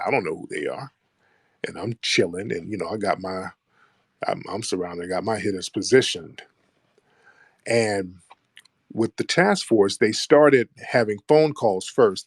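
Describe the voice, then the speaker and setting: Animated man telling a story with slang. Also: on the low side, breathy edge, no echo, studio quality. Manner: animated retelling with voiced quotes, rising when heated; slangy, streetwise speech. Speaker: commentator. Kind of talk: casual storytelling monologue.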